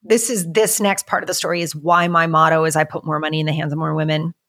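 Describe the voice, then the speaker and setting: A woman's voice: deep voice, level tone, quick pace, fairly bright tone. A middle-aged woman telling personal stories as a podcast guest, emotional and laughing as she talks. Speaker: podcast guest, business mentor. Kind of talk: casual storytelling interview.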